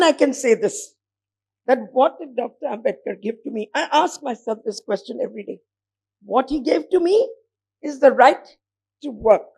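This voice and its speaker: A woman from India, giving a formal, emphatic public speech at a legal event and pausing to stress key words. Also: a little high, darkish tone, breathy edge. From India, born in Bombay. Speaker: speaker at a legal lecture event.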